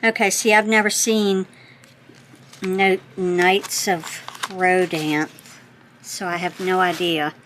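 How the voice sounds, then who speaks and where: A middle-aged woman hosting a craft channel, chatting as she opens mail, gushing and thinking out loud as she corrects herself. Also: lowish voice, flat delivery, slow, slight background noise, poor audio. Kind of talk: casual chat opening happy mail.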